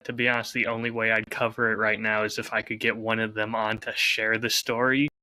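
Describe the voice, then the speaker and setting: A man's voice: fairly low pitch, little pitch movement, a little fast, pushed and bright. A man co-hosting a podcast in casual chat, speaking earnestly and hesitantly, with frequent fillers. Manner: hesitant, lots of ums and restarts, earnest. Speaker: podcast co-host.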